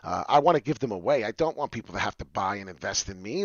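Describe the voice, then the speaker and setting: A man hosting a crypto show, excitable and rambling, jumping from loud hype to low mutters with many fillers. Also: fast talker, hardly any pauses, no echo, muffled recording. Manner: hyped and loud, swings between shouting and muttering. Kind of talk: excited solo crypto talk.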